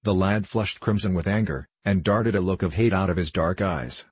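A man narrating a classic novel in a measured, even storytelling manner on a close studio mic. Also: sits low, breathy edge, dry recording. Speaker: audiobook narrator.

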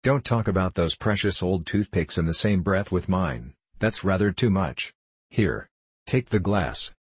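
A man voicing a pompous, haughty young apprentice captain who speaks slowly and grimly, in a low husky voice. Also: lively intonation, no echo, heavily acted. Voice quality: haughty, grim. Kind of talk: audiobook character reading.

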